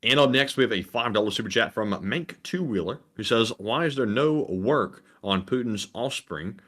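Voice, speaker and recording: A man's voice: medium pitch, lively intonation, normal speed, fairly bright tone. A man co-hosting a livestream, reading out donor names and messages and sometimes stumbling over names. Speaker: co-host reading donations.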